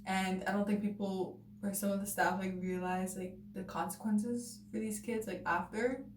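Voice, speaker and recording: Here a young woman vlogger recounts a personal story to camera, chatty and full of "like" and "you know," acting out what others said. Her medium-pitched voice moves little in pitch and keeps a moderate pace. Expect an echoey room, a far-off mic and faint noise.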